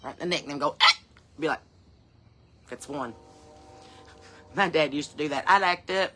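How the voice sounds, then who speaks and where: A woman doing a sassy, chain-smoking middle-aged mom from the hills, with a twang. Her voice is bright and forceful, and she rambles on in folksy, cheeky asides. It is a comedy character monologue. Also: sits low, moderate pace. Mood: rambling.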